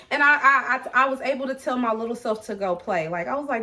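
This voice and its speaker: A woman vlogger talking candidly to her viewers in a chatty, animated way, full of fillers and restarts. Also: on the high side, fairly quick, few pauses. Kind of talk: casual personal talk to camera.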